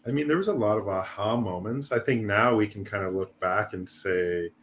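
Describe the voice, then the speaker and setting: A man's voice: on the low side, moderate pace, fairly bright tone, a little hiss or hum. A man guest in casual chat, reflecting hesitantly on his habits and leaning on filler words. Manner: hesitant, many fillers and restarts.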